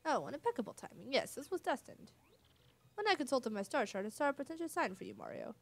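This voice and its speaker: A woman's voice: high voice, big pitch swings, fast talker, vocal fry, voice pushed up, heavily acted. A woman voicing a mystical adult male fortune-teller who speaks in a solemn, portentous way.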